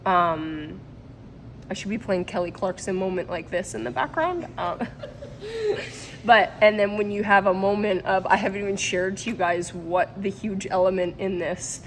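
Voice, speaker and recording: In this casual to-camera vlog, a product maker and vlogger speaks in a mid-range voice at a moderate pace, emotional and meandering, laughing often. Slight background noise can be heard.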